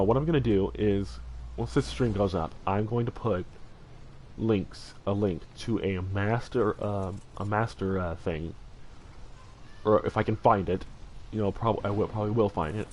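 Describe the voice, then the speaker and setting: A man chats casually during a game stream in a fairly low voice, earnest and heartfelt. He rambles, restarting sentences and padding them with fillers. A faint hum sits behind him. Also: darkish tone, rough recording. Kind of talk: casual livestream chat while gaming.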